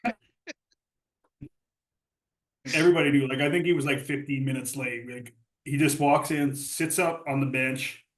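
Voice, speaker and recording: A man's voice: medium pitch, fairly even intonation, measured pace, pauses often, echoey room, low-quality recording. A man telling old hockey stories in casual podcast chat, laughing often and acting out quotes. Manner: laughing storyteller, acts out quotes. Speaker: podcast host.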